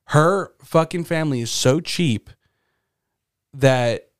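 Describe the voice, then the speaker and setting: A man's voice: fairly high pitch, takes it slowly, smooth, no room sound, clean studio sound. A young man co-hosting a casual podcast, rambling through a story with lots of fillers and swearing. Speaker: podcast co-host. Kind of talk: casual chat.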